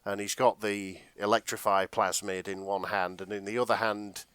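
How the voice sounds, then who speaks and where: A man's voice: on the low side, normal speed, clear, resonant tone, dry recording. A man co-hosting a comedy podcast, retelling a fanfic with a lot of laughter. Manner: animated, laughing often. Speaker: podcast co-host.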